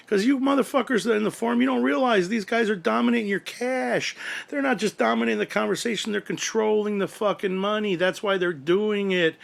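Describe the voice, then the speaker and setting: Guy ranting and swearing nonstop, kinda high voice, rambling and pissed. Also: gravelly, a bit bright. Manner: profane, rambling, aggrieved. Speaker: radio collector ranting to forum. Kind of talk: angry monologue.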